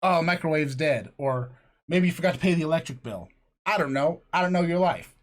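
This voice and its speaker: Guy w a slightly high voice riffing crude jokes on a podcast, loose rambly chat. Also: a little fast. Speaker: podcast co-host.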